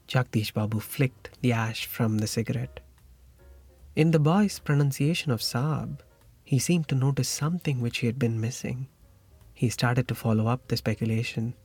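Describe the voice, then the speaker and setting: A man reads a short story aloud in a measured, reflective manner, his voice husky and dry. Soft music plays faintly behind him. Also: mid-range voice, steady tone, dry recording. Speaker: narrator. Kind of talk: scripted story narration.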